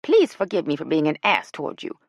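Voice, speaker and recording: A woman's voice: sing-song, fairly quick, slightly rough, dry recording, studio quality, exaggerated voice. Woman doing a fussy, huffy older lady. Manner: prim, huffy, high-strung.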